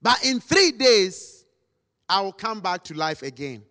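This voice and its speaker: Male preacher, slow deliberate delivery, lively pitch, sermon in a long-reverb hall. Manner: dramatic, acts out quotes, rises to shouts.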